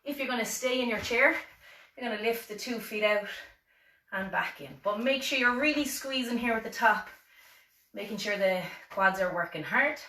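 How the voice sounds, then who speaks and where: Speaking at normal speed in a high, pushed, bright voice, a woman with an Irish accent runs a seated exercise class. She counts reps, encourages the group, and makes light jokes at her own expense, her voice distant in an echoey room.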